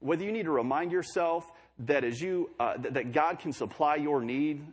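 A man's voice: on the high side, moderate pace. A young man preaching a sermon in a conversational way, with joking asides between scripture readings.

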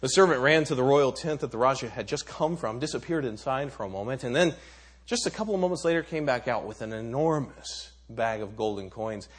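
A man's voice: medium pitch, expressive, fairly quick. A man preaching a sermon, telling a story dramatically with some stammered restarts.

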